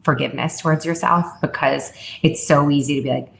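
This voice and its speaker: Woman, 30s, low voice, podcast guest, casual and filler-heavy. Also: fairly quick, vocal fry, few pauses. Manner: chatty, many "like" fillers and restarts. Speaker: podcast guest, wellness founder. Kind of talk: casual interview chat.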